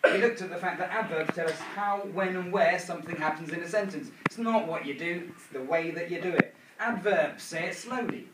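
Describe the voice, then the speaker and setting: A man's voice: on the high side, a little fast. A man teaching a primary school grammar lesson, drilling a repeated chant in call-and-response style. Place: school classroom. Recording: echoey room, far from the mic, noisy.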